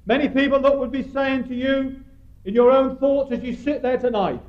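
A man preaching an evangelistic sermon, earnest and pleading, his voice rising for emphasis and dropping low at key words. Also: fairly even intonation, normal speed. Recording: dull lo-fi recording.

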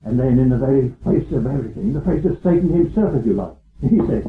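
A man's voice: mid-range voice, lively intonation, fast talker, few pauses. A man preaching a sermon in an earnest way, often repeating phrases and asking rhetorical questions. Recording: tinny phone-like sound in an echoey hall.

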